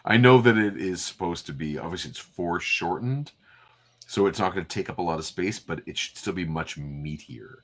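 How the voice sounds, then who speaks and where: A man's voice: low voice, brisk, a bit bright. A man co-hosting a casual comic read-through, narrating and joking in an easy, bantering way. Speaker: co-host.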